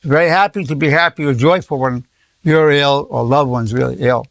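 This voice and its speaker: A gravelly, medium-pitched voice belongs to a psychologist in his eighties, who moves at a moderate pace with no echo. He teaches informally through anecdotes, repeating words, restarting, and acting out quoted dialogue.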